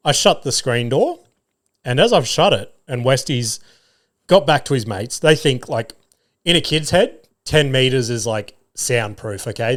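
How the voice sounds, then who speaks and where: A man, hosting a solo podcast and telling sweary, animated stories about family life. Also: mid-range voice. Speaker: podcast host.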